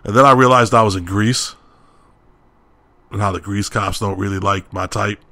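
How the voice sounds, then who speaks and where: A man's voice: fairly low pitch, normal speed. Man ranting through a heated story. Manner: heated, ranting retelling with quoted shouting. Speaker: podcast co-host. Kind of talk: casual storytelling.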